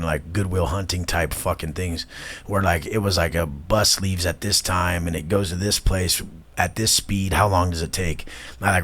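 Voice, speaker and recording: A low-voiced man in his thirties talks as an interview guest. He is blunt and profane and mocks people, often breaking into loud imitations of them.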